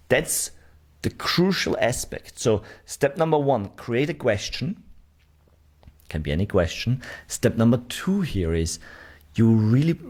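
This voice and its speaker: A man's voice: mid-range voice, a little mellow. A man teaching a sales course, demonstrating question tonalities and checking in often with the learner. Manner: talks straight to the learner, checking with "right?". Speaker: sales trainer. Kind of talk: online course lesson.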